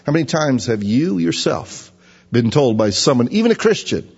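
A man's voice: mid-range voice, very animated, moderate pace, gravelly, darkish tone, slightly rough. A man preaching a sermon, teaching through a Bible passage in a folksy, conversational way. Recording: lo-fi recording with long hall reverb.

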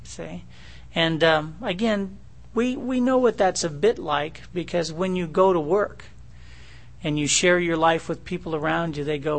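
A man's voice: on the high side, unhurried, vocal fry. A man preaching a sermon in a conversational way, with fillers and asides. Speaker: pastor.

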